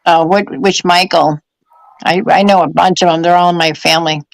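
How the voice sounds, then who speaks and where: A woman's voice: lowish voice, fairly even intonation, brisk, gravelly, no echo, rough recording. A woman doing psychic readings on a live stream in a chatty, laughing way, at home. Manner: chatty, laughing, talks to her pets. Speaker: psychic medium. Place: home during a power outage.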